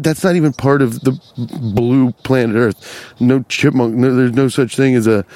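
A man's voice: medium pitch, darkish tone, no echo. A young adult man hosting a comedy podcast, talking in a profane, rambling, self-interrupting way.

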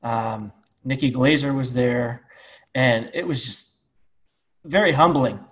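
Male podcast host, mid-pitched, easygoing and halting. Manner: relaxed, halting, with fillers. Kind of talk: casual podcast conversation.

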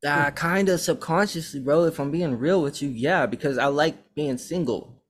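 A young man who hosts a podcast and raps, chatting casually and telling animated, profane stories. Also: on the high side, moderate pace. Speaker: podcast host and rapper. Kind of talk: casual chat.

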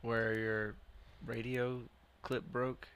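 Slow-talking man egging a friend on. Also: mid-range voice, flat delivery, a bit bright, smooth, no room sound. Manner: teasing, egging the storyteller on. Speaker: podcast co-host. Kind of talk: casual chat.

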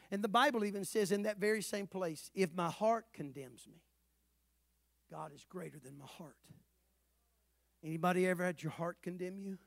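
A pastor with a strikingly high voice preaches to his church, rising to shouts and then dropping to hushed asides. He keeps asking the room questions and calling for answers back. The sound is close and dry, with almost no room echo. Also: normal speed, gravelly. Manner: swings from shouted exhortation to soft, low asides; asks the congregation questions, calls for responses. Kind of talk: sermon. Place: church sanctuary.

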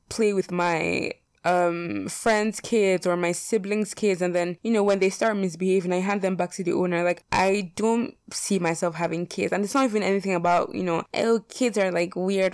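A young woman talks through would-you-rather picks in a loose, chatty way, full of fillers and blunt opinions with the odd swear. Her voice sits a bit low for a woman. The sound is dry and close, with no room echo. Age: young adult. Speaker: vlogger.

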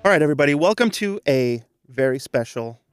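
A man's voice: a little high, animated, brisk, faint music behind. A man stepping in as guest co-host on a podcast, upbeat and conversational. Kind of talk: casual podcast hosting.

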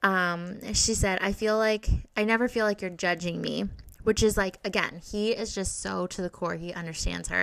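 Young adult woman, casual recap host, chatty, gravelly fry, dry close mic. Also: on the low side, bright, forceful tone, no room sound, poor audio. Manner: chatty, filler-heavy, gushing. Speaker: podcast host recapping a TV series.

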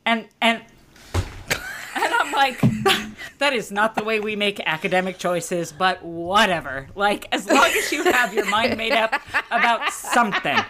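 A middle-aged woman and mother telling a comic story in casual chat, acting out her daughter and herself in sudden high, laughing voices. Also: a little slow, noisy background. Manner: animated, acts out quotes with big pitch jumps, laughing.

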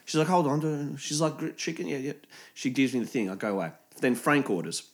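A man's voice: mid-range voice, a little fast. A man telling a story in casual chat, swearing freely and acting out what other people said.

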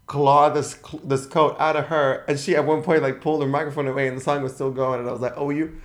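A man's voice: mid-range voice, flat delivery, quick pace. Gossipy campy male podcast co-host. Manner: campy, gossipy storytelling with playful put-on voices. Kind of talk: casual chat.

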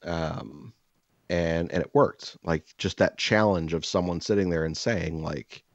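Low-voiced male storyteller, animated and profane, recorded dull and lo-fi. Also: measured pace, vocal fry, no room sound. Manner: animated, profane, acts out dialogue. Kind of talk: personal storytelling monologue. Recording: dull, dry lo-fi sound.

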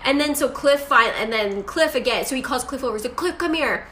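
A woman's voice: on the high side, fast, fairly bright tone. A young woman casually recapping a show and acting out quotes in dramatic voices. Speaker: podcast co-host. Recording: echoey room with faint noise.

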